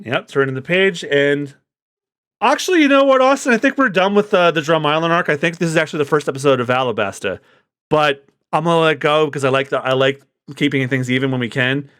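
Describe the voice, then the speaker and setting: A man co-hosting a podcast, chatting casually and thinking out loud as he reads. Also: a little high, lively intonation, quick pace. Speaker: podcast co-host. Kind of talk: casual manga readthrough chat.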